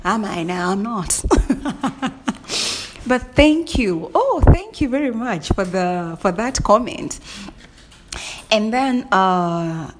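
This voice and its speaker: A woman's voice: mid-range voice, lively intonation, slow, pauses often, a little hiss or hum. A woman hosting a solo podcast, chatting casually and playfully, often breaking into laughter and mock indignation. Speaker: podcast host.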